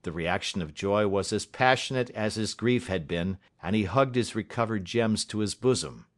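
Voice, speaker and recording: A man narrating a classic story in a steady, measured audiobook style. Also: on the low side.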